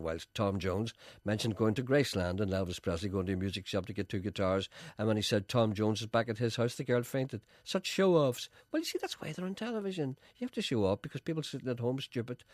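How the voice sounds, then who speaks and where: A man's voice: mid-range voice, a little mellow, dry recording, studio quality. A man hosting a radio show, chatting in a playful, teasing, wry way. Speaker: radio host. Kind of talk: casual radio chat.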